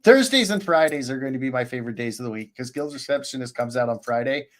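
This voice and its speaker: A man's voice: mid-range voice, animated, quick pace. A man co-hosting a podcast, chatting bluntly and eagerly about anime, swearing freely. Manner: enthusiastic, profane, blunt. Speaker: podcast co-host. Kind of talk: casual chat about anime.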